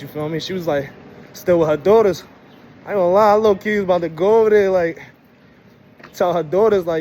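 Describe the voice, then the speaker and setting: A man's voice: high voice, fairly quick, pauses often, a little mellow. Brooklyn man telling a story outdoors. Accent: Brooklyn, New York. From Brooklyn, New York. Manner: loose, slangy, heavy with "you know what I'm saying". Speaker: vlogger. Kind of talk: casual storytelling. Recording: noisy outdoor street recording.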